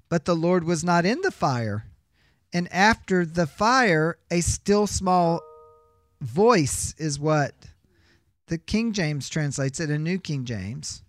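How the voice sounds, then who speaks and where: A man's voice: on the high side, dry recording, clean studio sound. A man teaching a biblical counseling class, reading scripture aloud and explaining it emphatically with rhetorical questions. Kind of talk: Bible teaching lecture.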